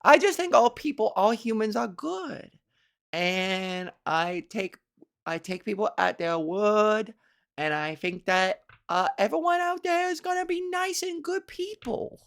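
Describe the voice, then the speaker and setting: A woman voicing a naive little child who trusts everyone, in a high, sing-song, wide-eyed way. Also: animated, unhurried, gravelly.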